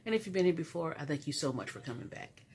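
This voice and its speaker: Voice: medium pitch, fast, slight background noise. Exasperated storyteller ranting on a vlog. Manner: animated, exasperated storytelling with frequent restarts. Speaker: vlogger. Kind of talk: casual story-time rant.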